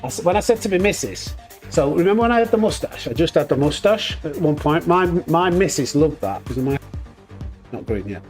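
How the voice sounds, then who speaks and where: A man streaming sim racing, casually greeting viewers by name in quick bursts and joking about himself. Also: a little high, animated, a little mellow, soft background music. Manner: upbeat, greets chat names in quick bursts, self-mocking. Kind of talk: casual live-stream chat.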